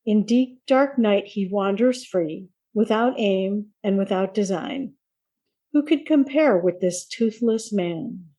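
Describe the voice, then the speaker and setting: A woman reading a short story aloud in a measured, unhurried way. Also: mid-range voice, warm tone. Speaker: podcast participant reading aloud.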